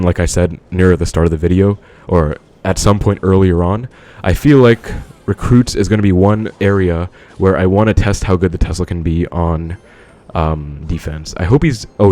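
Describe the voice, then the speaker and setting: A man's voice: low-pitched, warm tone. A man giving casual live commentary on his own game, thinking aloud and talking to viewers as he plays. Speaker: gaming commentator.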